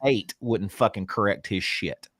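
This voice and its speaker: A man's voice: lowish voice, unhurried, fairly bright tone, dry recording, clean studio sound. A middle-aged man co-hosting a podcast, talking in a rambling, profane way with many stammered restarts. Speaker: podcast co-host. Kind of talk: casual political chat.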